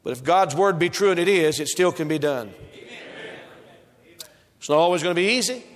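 High-pitched guy preaching, hammering points over and over, big echoey church. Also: lively intonation, moderate pace. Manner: emphatic, repetitive preaching cadence. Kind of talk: sermon. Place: church sanctuary. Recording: reverberant hall.

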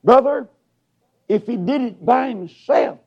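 A man preaches a revival sermon in a high, lively voice that leaps up to shouts and drops to low asides. He lingers on words at an unhurried pace. The recording is dull and lo-fi. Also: gravelly, slightly rough. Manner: swings from shouted peaks to low mutters, storytelling. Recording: dull lo-fi sound.

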